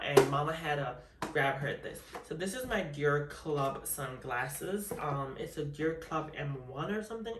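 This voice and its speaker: A woman's voice: lowish voice, noisy background. Sassy woman vlogger, roomy distant sound. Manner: sassy and flamboyant, calls viewers honey. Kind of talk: casual unboxing chat.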